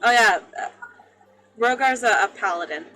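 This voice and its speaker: A woman's voice: a little high, moderate pace, sharp tone, low-quality recording. A woman hosting as game master, introducing the players and brushing things off with a reassuring "it's fine.". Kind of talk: casual tabletop game banter.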